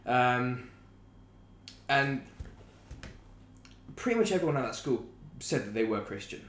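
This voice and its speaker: A man's voice: medium pitch, animated, unhurried, fairly bright tone. A young man from the south of England talking candidly and reflectively in a casual chat, with some fillers. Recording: echoey room with faint background noise.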